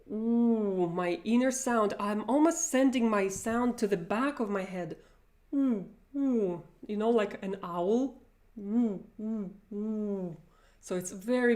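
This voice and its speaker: A woman's voice: medium pitch, darkish tone. A woman teaching pronunciation, modeling sounds and having listeners repeat after her. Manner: demonstrates sounds, repeats and exaggerates them. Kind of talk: online pronunciation lesson.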